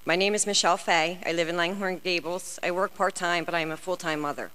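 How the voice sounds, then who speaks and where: Woman, public commenter, emotional, earnest, bright tone, long hall reverb. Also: fairly low pitch, fairly even intonation, fast, smooth. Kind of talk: prepared public comment at a school board meeting. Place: large meeting hall.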